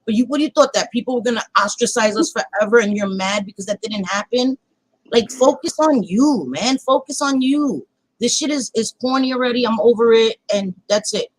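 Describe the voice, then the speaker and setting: A woman's voice: on the high side, a little fast, no room sound, low-quality recording. Blunt, heated woman. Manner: blunt, heated, swears freely. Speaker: channel host. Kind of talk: casual livestream chat.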